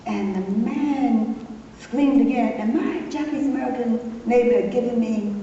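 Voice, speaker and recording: A woman's voice: fairly high pitch, normal speed, mellow. An older woman from New York, a poet telling stories on stage to a live audience in a rhythmic, repeating way, laughing often. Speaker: poet and speaker. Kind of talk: storytelling on stage. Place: arts center hall, live audience. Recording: distant echoey hall, dull and noisy.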